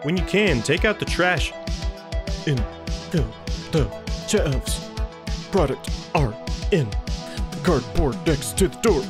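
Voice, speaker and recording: A performer voicing a terse store boss in an indie horror game, giving flat, clipped instructions. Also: medium pitch, slow, long pauses, music in the background. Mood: instructing.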